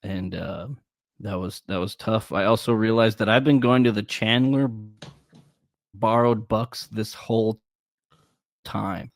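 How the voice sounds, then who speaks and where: A man co-hosting a podcast, joking in a wry, deadpan way with hesitant fillers. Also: fairly low pitch, a little slow, pauses often, no room sound, studio quality. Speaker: podcast co-host. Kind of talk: casual podcast chat.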